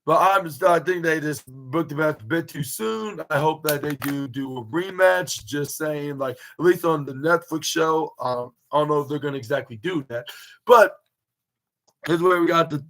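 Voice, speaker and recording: A man's voice: on the high side, moderate pace, a bit bright, rough recording. A young man hosting a podcast, recapping a wrestling match in a rambling, casual way, full of fillers and restarts. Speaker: podcast host reviewing wrestling. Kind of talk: casual recap, play-by-play retelling.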